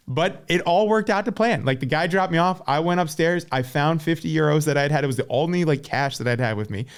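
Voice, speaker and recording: A middle-aged man as a podcast guest, telling stories in a relaxed, casual way with lots of fillers. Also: mid-range voice, clear, resonant tone. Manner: relaxed storyteller, many fillers like and uh. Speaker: podcast guest, former pro cyclist. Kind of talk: casual chat.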